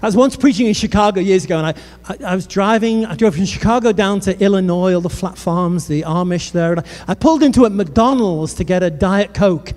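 A man's voice: high-pitched, brisk, few pauses. A British man preaching a sermon, telling funny stories and speaking straight to the crowd. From Britain. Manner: lively storytelling with humor and asides to the crowd. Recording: long reverb of a large hall.

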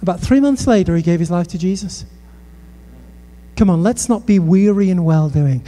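A man's voice: high voice, moderate pace, long pauses, warm tone. A male pastor from the United Kingdom preaching a passionate sermon with conversational asides in a church hall. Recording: echoey hall.

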